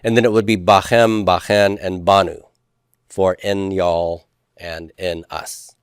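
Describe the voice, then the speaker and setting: A man teaches a class at an unhurried pace. His voice is smooth and clear, and the sound is dry, with no room echo. He patiently leads the students through call-and-response practice. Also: sits low, fairly even intonation. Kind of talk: classroom lecture.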